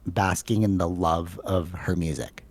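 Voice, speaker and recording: A man's voice: sits low, steady tone, a little slow, breathy edge. A man co-hosting a podcast, chatting casually and rambling, leaning on "like" and "bro". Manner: rambling, filler-heavy, says "like" and "bro" a lot. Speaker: podcast co-host.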